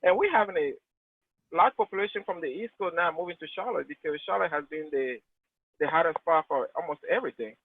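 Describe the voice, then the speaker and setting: A man in his late thirties with a Togolese accent, talking earnestly and animatedly with many restarts. His voice sits fairly high for a man. The sound is tinny and dry, like a phone line. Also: brisk, no room sound. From Togo, West Africa. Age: 30s. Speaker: real estate agent guest. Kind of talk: conversational interview answers.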